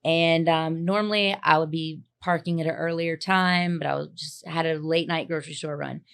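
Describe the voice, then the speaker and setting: A woman's voice: sits low, steady tone, moderate pace, gravelly, fairly bright tone, clean tone. A young woman co-hosting a podcast, telling a story in casual chat and acting out the other people's voices, laughing often. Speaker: podcast co-host.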